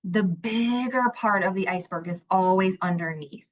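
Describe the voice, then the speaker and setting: A woman's voice: mid-range voice, moderate pace, poor audio. A woman, a mental health director, giving a conversational webinar talk and telling stories from her work with children. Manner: warm, conversational, acts out a child's voice in anecdotes. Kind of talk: webinar presentation with storytelling.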